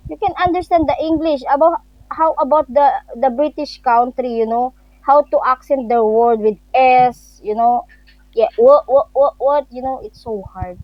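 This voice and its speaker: A woman's voice: high voice, moderate pace, dry recording, highs cut off. A woman chatting casually in second-language English, often searching for words and repeating "you know". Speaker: conversation partner.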